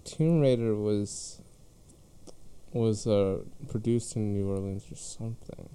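A man chatting on a gaming podcast in a casual, bro-ish way. His voice is very dark and mellow, with a faint hiss of background noise behind him. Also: fairly low pitch, slow. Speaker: podcast co-host.

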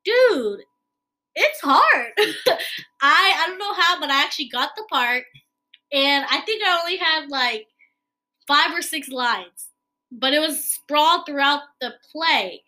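A young woman hosting a casual chat, talkative and quick to laugh, with many fillers. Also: high voice, lively intonation, pushed and bright, low-quality recording. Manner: chatty, filler-heavy, laughs easily. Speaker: podcast host. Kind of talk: casual conversation.

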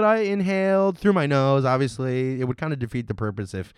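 A man co-hosting a casual beer review podcast, rambling through deadpan jokes. His voice is smooth and clear, and the sound is dry and close. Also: on the high side, moderate pace, few pauses, no echo. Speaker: podcast co-host.

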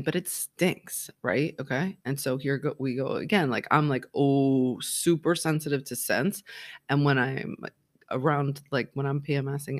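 A woman in her forties hosting a casual solo podcast. She rambles in an animated way, with lots of "like" and "right?". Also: very deep voice. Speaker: podcast host.

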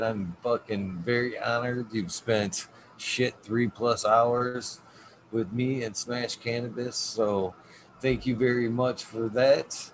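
A man hosting a long livestream show, talking casually, swearing often and chuckling as he signs off. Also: mid-range voice. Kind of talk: casual chat. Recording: noisy background hiss.

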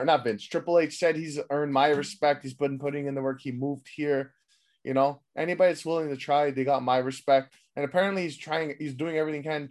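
A man's voice: on the high side, a little mellow. Casual profane man recapping wrestling. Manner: loose, profane, rambling. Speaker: wrestling podcast host.

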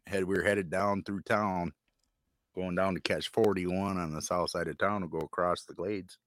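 A man's voice: low voice, fairly even intonation, moderate pace, fairly bright tone, a little hiss or hum. A man who drives trucks, telling profane, joking road stories in casual chat.

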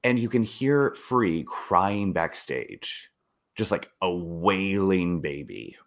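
A man co-hosting a casual chat, telling a story with animated delivery and acted-out quotes. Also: slow. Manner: animated, acts out quotes with swooping pitch. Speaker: podcast co-host.

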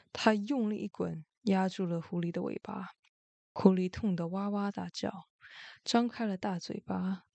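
A woman hosting a show and reading a bedtime story aloud in a gentle, expressive way. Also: lowish voice, gravelly, no echo. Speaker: host and storyteller.

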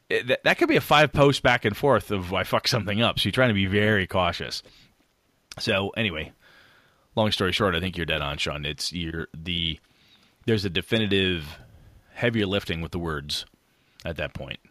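A man co-hosting a podcast, chatting casually about tabletop gaming in a rambling, animated way with casual swearing. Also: low-pitched, normal speed, no room sound. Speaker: podcast co-host.

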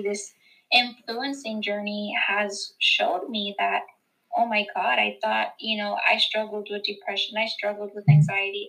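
A young woman guest in a casual chat, talking in an emotional, halting way with many fillers. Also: mid-range voice, gravelly, sharp tone, rough recording. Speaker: podcast guest.

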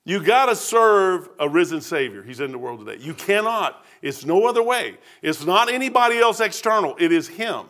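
A man delivers a sermon from the pulpit. His voice sits high and sounds bright and forceful. He speaks bluntly and slips into other people's voices when he quotes them. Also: sing-song, normal speed, few pauses. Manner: preachy, blunt, quoting people in put-on voices. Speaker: pastor.

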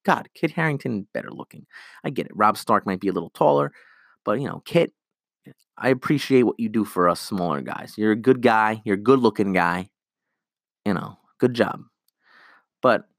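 Alone on his own podcast, a man speaks in a lowish voice, wandering loosely through a rant and acting out characters' lines in fast impressions. The sound is close-miked and dry, free of any room noise.

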